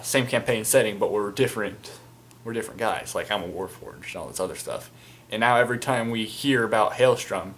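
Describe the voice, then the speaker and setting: A man's voice: medium pitch, fairly bright tone. Rambling young man telling a game story. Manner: rambling, many fillers and crude slang. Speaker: storyteller, fan video maker. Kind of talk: casual storytelling about a tabletop game.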